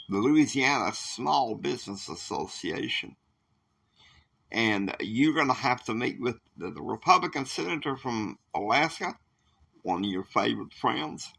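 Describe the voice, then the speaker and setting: A man's voice: mid-range voice, vocal fry, bright, forceful tone, husky, full character voice. A man voicing a president in an amateur role-play, scolding and authoritative, and giving orders. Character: impression of a stern, commanding male president.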